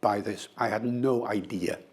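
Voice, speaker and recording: An older man, a linguist being interviewed, answering in a lively, conversational way with playful demonstrations. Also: on the low side, a little slow.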